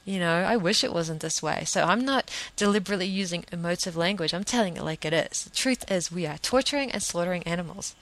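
Rambling New woman, lowish voice. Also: quick pace, few pauses, fairly bright tone, dry recording, rough recording. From New Zealand. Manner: rambling, earnest, emphatic. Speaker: podcast host. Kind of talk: solo podcast monologue.

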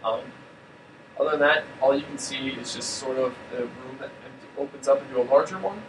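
With a medium-pitched voice at a slightly fast pace, a relaxed game master narrates a tabletop game, hesitating often and leaning on fillers. The recording is far from the mic in a roomy space with air-conditioner hum.

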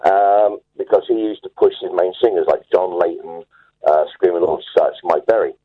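Over a tinny telephone line, a male caller tells a story in a low, husky voice at a moderate pace. His intonation stays fairly even, though he comes across as enthusiastic, self-assured and rambling.

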